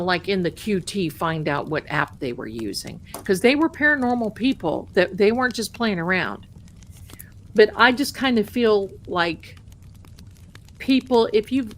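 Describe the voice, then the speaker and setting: A woman's voice: medium pitch, a bit bright. Chatty woman hosting a tarot live stream. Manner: chatty and rambling, greets viewers as "my darling". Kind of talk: casual live-stream chat.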